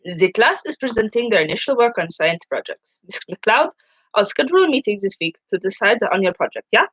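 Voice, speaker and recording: A woman voicing a strict old male professor in his seventies with a put-on German accent, speaking slowly and flatly in a storybook reading. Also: mid-range voice, husky, no echo, poor audio. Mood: stern.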